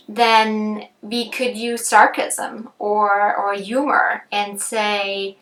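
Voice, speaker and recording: A woman teaching about empathy in a relaxed, conversational way, thinking aloud with frequent ums and restarts. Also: medium pitch, slow pace, few pauses. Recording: roomy echo.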